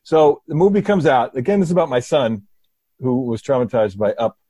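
A middle-aged man, a comedy writer, telling an anecdote in a lively, halting way full of restarts over a video call. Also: mid-range voice, breathy edge, no echo. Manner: animated, halting storyteller with many restarts. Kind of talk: casual storytelling.

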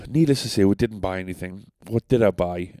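A young man from North East England tells stories on a podcast, rambling, sweary, and self-deprecating. His low, dark voice moves fairly quickly, with no room sound, in casual storytelling.

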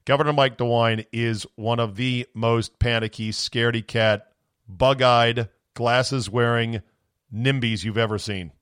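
A man's voice: mid-range voice, fairly even intonation, unhurried, a bit bright, smooth, no room sound, clean studio sound. A man hosting a sports podcast, ranting sarcastically with profanity, his voice strained from screaming. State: voice going from screaming. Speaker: podcast host.

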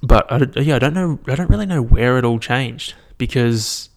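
A young man talks into his podcast mic on his own, rambling casually from one thought to the next. He swears freely and pokes fun at himself in a relaxed, unscripted way. His voice sits at an ordinary middle pitch for a man. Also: normal speed. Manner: rambling, swearing, self-mocking. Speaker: podcast host. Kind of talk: casual solo podcast chat.

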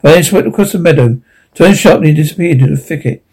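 A man's voice: fairly high pitch, fast, gravelly, darkish tone, breathy edge, poor audio. A man reading a classic animal story aloud as narration, unpolished with frequent restarts. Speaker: audiobook reader.

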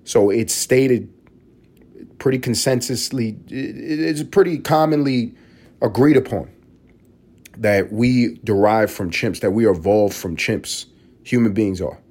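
A man's voice: fairly low pitch, takes it slowly, darkish tone. A man hosting a solo podcast, rambling and swearing freely as he riffs in a casual monologue. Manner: rambling, profane, riffing with restarts. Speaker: podcast host.

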